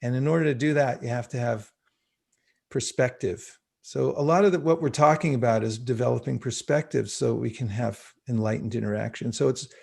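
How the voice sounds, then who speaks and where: A man leads an online spiritual class over video call, speaking reflectively and slowly chanting mantras for listeners to repeat. His mid-range voice is steady, gravelly and darkish, with a breathy edge.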